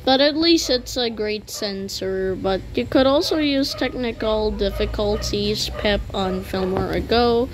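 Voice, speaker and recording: A woman's voice: medium pitch, unhurried, few pauses, noisy background. A woman giving casual commentary over gameplay, rambling and joking with meme references. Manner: rambling, jokey, meme-quoting. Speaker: gaming channel host.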